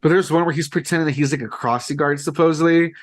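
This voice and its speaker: Male podcast co-host, slightly high voice, rambling filler-packed chat. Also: fast. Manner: rambling, filler-heavy retelling. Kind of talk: casual chat.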